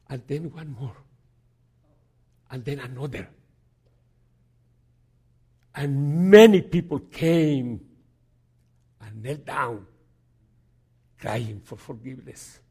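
A man preaching a sermon, telling a story and reading scripture aloud, with halting repeats and dramatic pauses. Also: medium pitch, lively intonation, a little mellow, breathy edge. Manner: reads scripture aloud slowly.

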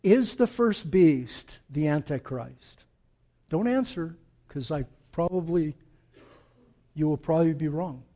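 Male pastor, high voice, lively emphatic sermon delivery with asides to the congregation. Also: slow, long pauses.

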